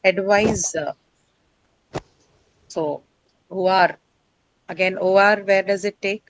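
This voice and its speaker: A woman's voice: mid-range voice, fairly even intonation, slow pace, rough recording. A middle-aged woman teacher lecturing a class, explaining step by step and quizzing her students as she goes.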